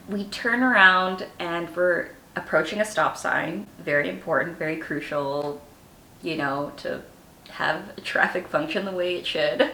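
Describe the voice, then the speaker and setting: Candid, lively-voiced young woman vlogger. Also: fairly low pitch, roomy sound, a little hiss or hum. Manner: candid, self-mocking, laughs often and shrieks at her own past. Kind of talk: casual storytelling chat.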